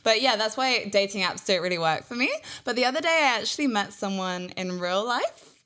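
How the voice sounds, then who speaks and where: A woman's voice: medium pitch, a little fast, clear, resonant tone. Woman on a chatty podcast telling a story, laughs mid-sentence, plain middle voice. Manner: animated storyteller, laughs while talking. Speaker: podcast co-host. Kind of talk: casual podcast chat.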